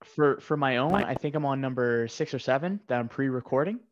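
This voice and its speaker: A man's voice: medium pitch, brisk. A man hosting a casual podcast interview, often restarting sentences as he searches for words. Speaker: podcast host. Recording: slightly dull lo-fi audio.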